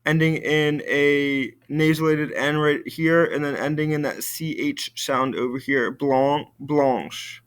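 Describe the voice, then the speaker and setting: A man, a French teacher giving a recorded video lesson, slowly modeling words for students to repeat. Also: on the high side, fairly bright tone, clean tone. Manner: slow, careful model pronunciation for students to repeat.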